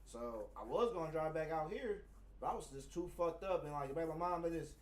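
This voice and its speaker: This man's voice is fairly high and fairly quick as he chats casually, swearing his way through an animated story and performing the heated back-and-forth. It's picked up on a distant mic with faint noise behind him.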